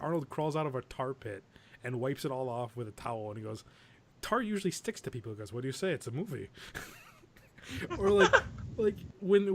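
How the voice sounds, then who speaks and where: Gravelly-voiced man, eager podcast chat. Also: medium pitch, slight background noise. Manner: enthusiastic, laughs while retelling movie scenes. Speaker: podcast co-host.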